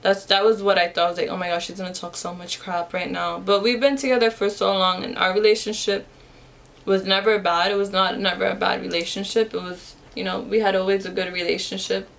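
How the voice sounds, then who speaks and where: A young woman chats to her camera at home with a gravelly, fry-edged voice. She tells a story while doing her makeup, rambling, circling back and restarting her sentences. Her pitch sits in the ordinary middle for a woman. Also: level tone, brisk, a bit bright. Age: young adult. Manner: rambling, many fillers and restarts. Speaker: vlogger.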